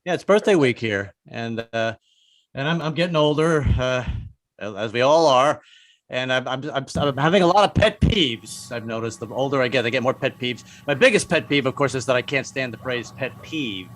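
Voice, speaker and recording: A man's voice: medium pitch, animated, normal speed, fairly bright tone, low-quality recording. An older man doing stand-up comedy, wry and self-mocking, with stammering restarts.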